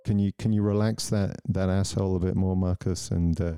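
Low, mellow-voiced joking male podcast host. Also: fairly even intonation, a little fast, clean tone, no echo, clean studio sound. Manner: joking, teasing, laughs often. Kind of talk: casual chat. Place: online audio room.

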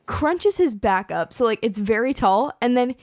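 A woman's voice: on the high side, lively intonation, normal speed, a little mellow, no room sound, studio quality. Young woman, giggly casual podcast chat. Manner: chatty, giggly, heavy on filler words. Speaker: podcast co-host.

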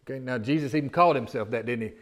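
A man's voice: mid-range voice, very fast, fairly bright tone. A man, a pastor giving a sermon in a folksy style with rhetorical questions.

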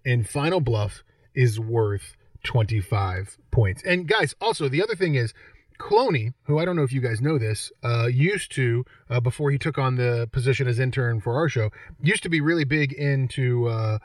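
A man's voice: mid-range voice, expressive, moderate pace, no room sound, clean studio sound, recorded from a distance. A man hosting a game show segment on a sports podcast, joking and reading quiz questions aloud. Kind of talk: casual podcast banter.

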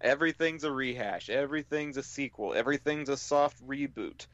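A man's voice: medium pitch, a little fast, fairly bright tone, no room sound, highs cut off. A man co-hosting a podcast, telling rambling, jokey stories in casual chat. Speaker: podcast co-host.

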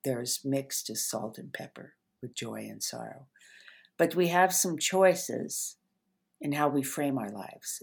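An older woman with a strikingly deep voice reflects gently in an interview. She tells stories at an unhurried pace, letting her phrases fade softly at the ends. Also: creaky, slightly rough. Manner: gentle, unhurried storyteller with soft trailing endings. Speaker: author and therapist guest.

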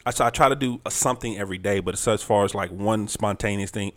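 A man's voice: fairly low pitch, fast. A middle-aged man co-hosting a married couple's podcast, talking in a laid-back, earnest way. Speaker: podcast co-host. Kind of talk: casual chat.

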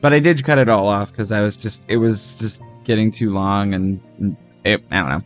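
Sleepy low-voiced man. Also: normal speed, soft background music. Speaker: regular co-host. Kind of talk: casual chat.

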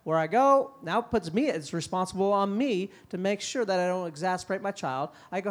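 A middle-aged man speaking at a parenting conference, lively and conversational, often slipping into quick impressions of parents and kids. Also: sits high. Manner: animated, acts out parents and kids in quick quoted voices. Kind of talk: conference talk.

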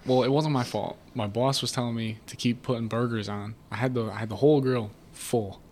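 A tired man guesting on a relaxed after-work chat. He pokes fun at himself in an easy, laid-back tone. There is faint background hiss behind his mid-range voice. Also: medium pitch, fairly quick. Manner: laid-back, self-mocking.

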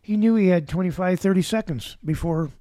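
A man's voice: high voice, fairly quick, dark tone, dry recording. A man in his seventies, a podcast guest, telling rambling anecdotes with dry humor. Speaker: guest, former backcountry ranger. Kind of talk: casual storytelling.

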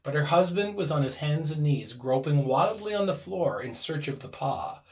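Expressive man reading a ghost story. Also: on the high side, moderate pace. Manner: suspenseful, expressive delivery. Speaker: narrator.

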